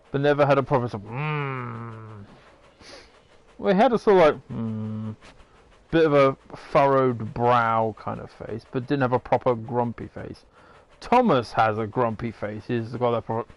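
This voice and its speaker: A man giving rambling, casual commentary while playing a game, swearing now and then. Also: mid-range voice. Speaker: gamer.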